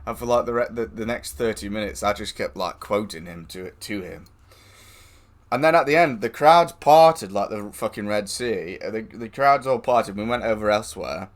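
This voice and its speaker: A man's voice: lowish voice, moderate pace. A man streaming live, telling a rambling anecdote with lots of swearing, laughing and quoted voices. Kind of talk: casual storytelling.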